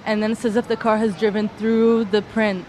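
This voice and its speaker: A woman's voice: medium pitch, level tone, fairly quick, darkish tone, a little hiss or hum. A woman textile artist being interviewed outdoors at a design event. She talks in a hesitant way, with fillers and restarts. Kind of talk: casual interview answers.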